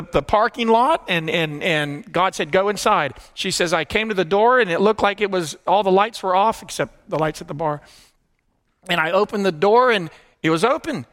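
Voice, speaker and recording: A middle-aged man preaching by telling his own testimony, earnest and hushed at tender moments, rising with excitement. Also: sits high, normal speed. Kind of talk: sermon storytelling.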